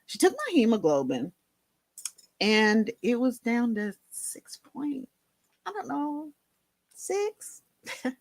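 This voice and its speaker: A woman's voice: a little high, sing-song, slow pace, long pauses, dry recording. A woman telling a personal story in a candid, conversational way, with many fillers and asides. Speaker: vlogger.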